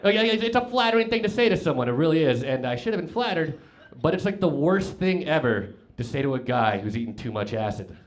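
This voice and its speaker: A man's voice: fairly high pitch, sing-song, a little fast, slight background noise. Man doing a rambling stand-up set. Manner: rambling, filler-heavy storytelling with sudden loud outbursts. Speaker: stand-up comedian. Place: comedy club stage with audience laughter.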